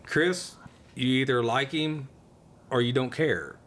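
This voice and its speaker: A man, a retired race car champion, guesting on a podcast and telling stories with lively acted-out quotes. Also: medium pitch, takes it slowly. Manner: animated storyteller, acts out others' lines. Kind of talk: casual storytelling interview.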